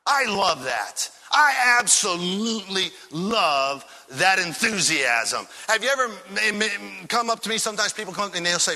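A male pastor with a high, ringing, very bright voice preaches with fiery enthusiasm, stacking one rhetorical question on the next. The sound carries the long reverb of a large church hall. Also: expressive, measured pace. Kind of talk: sermon. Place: church sanctuary.

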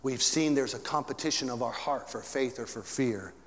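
A male pastor preaching a sermon to his church, with big swings in pitch and volume. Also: normal speed, long reverb tail.

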